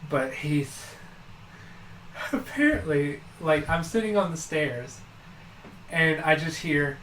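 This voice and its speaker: A man's voice: fairly high pitch, lively intonation, slow pace, long pauses, a bit bright, echoey room, a little hiss or hum, poor audio. A man co-hosting a podcast, telling a long childhood story in casual chat, full of fillers and restarts. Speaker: podcast co-host.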